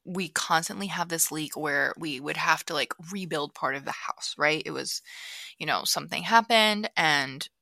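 Woman, 30s, podcast host, casual storytelling, chatty with fillers, slightly low voice, dry close sound. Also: normal speed, vocal fry, dry recording. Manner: chatty, many fillers, acts out her own thoughts in hushed asides. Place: home basement office.

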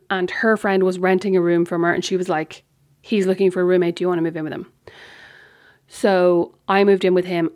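An Irish woman tells a personal story on her podcast, chatty and candid. Her voice has a gravelly fry at the ends of phrases. She acts out the lines of the people in the story. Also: medium pitch. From Ireland. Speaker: podcast host. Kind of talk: casual storytelling monologue.

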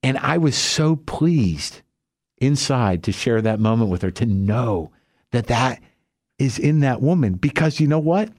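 Man, podcast host, ranting comic storyteller, profane, mid-pitched. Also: animated, measured pace, darkish tone, no echo, studio quality. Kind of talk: comic monologue.

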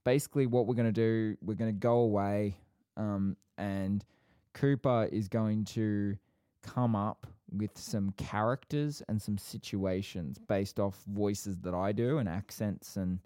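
A man co-hosting a casual podcast chat, talking quickly and rambling through asides. His voice sits low, with a dark, mellow tone. It is close-miked and dry, with no room sound. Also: fairly even intonation, smooth, dry recording. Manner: fast, rambling, with frequent fillers and asides. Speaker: podcast co-host.

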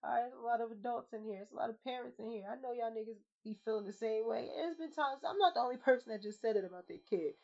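A woman co-hosting a podcast in casual, slangy banter, loud and laughing as she swears and jokes. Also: a little high, quick pace, gravelly, few pauses. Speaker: podcast co-host. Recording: slightly dull lo-fi podcast audio.

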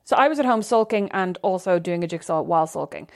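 A woman's voice: lowish voice, lively intonation, fast talker, vocal fry. A young woman, chatting casually as a podcast co-host and telling a story, acting out the quotes with lots of life. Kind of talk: casual chat.

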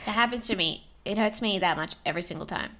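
A woman's voice: mid-range voice, fast talker. A young woman, chatting casually on a podcast, swearing often and laughing as she tells stories. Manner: swears a lot, laughs often, animated storytelling.

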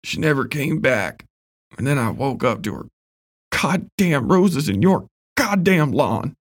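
A man voicing a wounded, grieving old man who shouts through tears and gritted teeth. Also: mid-range voice, big pitch swings, a little slow, breathy edge, recorded from a distance, pitched above the performer's own voice, exaggerated voice. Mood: sobbing, anguished.

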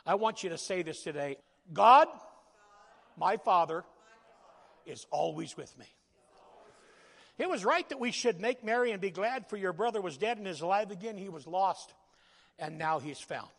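A man preaching a sermon in a folksy, joking way, rising to loud emphatic calls. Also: high-pitched, lively intonation, brisk, big-room sound.

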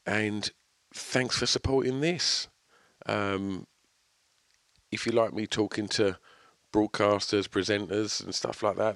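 A podcast host with a somewhat low voice, wrapping up the show in a chirpy, upbeat way. The sound is dry and close, with no room echo at all. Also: male voice, fairly bright tone. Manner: upbeat, chirpy sign-off, frequent short agreement. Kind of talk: casual interview and outro.

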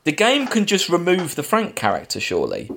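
A man's voice: sits high, huge pitch swings, a little fast, creaky, fairly bright tone, slight background noise. A man, a podcast host casually recapping a film plot, rambling with fillers and restarts. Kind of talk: casual film review chat.

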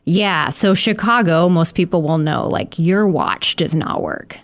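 A woman in her thirties, a guest on a podcast, telling her story in a lively way and jumping into a high voice when she quotes her own thoughts. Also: unhurried. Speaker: guest runner. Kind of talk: casual interview chat.

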